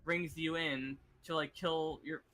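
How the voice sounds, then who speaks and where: A man's voice: fairly high pitch, fairly even intonation, slow, bright, forceful tone, a little hiss or hum, poor audio. A man streaming a game, ranting in casual chat with heavy swearing and many restarts. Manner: ranting, profane, lots of fillers and restarts. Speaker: gaming streamer.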